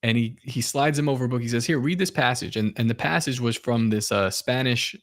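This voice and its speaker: A man hosting a podcast, relaxed, telling a story with lots of fillers. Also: medium pitch, fairly quick. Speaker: podcast host.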